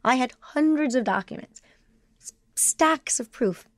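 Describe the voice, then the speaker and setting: Emotional woman talking in quick bursts. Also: sits high, expressive, no room sound. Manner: emotional, rapid bursts with many restarts. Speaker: interview guest. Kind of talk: candid interview conversation.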